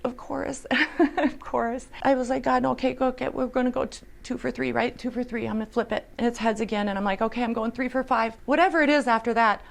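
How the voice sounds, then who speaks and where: A woman's voice: high voice, gravelly. A woman telling an earnest, emotional personal testimony, sometimes dropping to a whisper. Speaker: storyteller.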